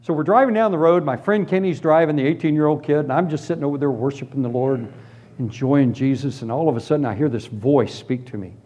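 A man preaching and giving his personal testimony, telling it as a lively story and acting out the other people in it. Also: on the high side, fast talker. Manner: animated storytelling, acts out voices. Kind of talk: testimony sermon.

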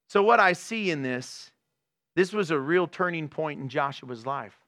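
A man's voice: on the high side, a bit bright, no echo, studio quality. A male pastor preaching a conversational sermon, full of rhetorical questions and acted-out everyday scenes.

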